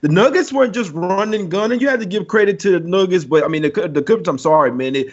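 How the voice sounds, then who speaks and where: Slangy sports host guy, gets heated, muffled recording. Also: quick pace. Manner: heated, slangy, keeps saying bro. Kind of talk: casual sports chat. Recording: muffled low-fidelity audio.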